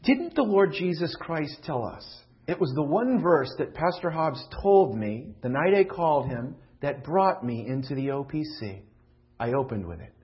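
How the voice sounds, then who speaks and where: Middle-aged male pastor, sermon delivery, slightly high voice, dull lo-fi audio, big loud-to-hushed swings. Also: expressive, normal speed. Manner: swings from loud pleading questions to hushed confiding tones. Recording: dull lo-fi recording.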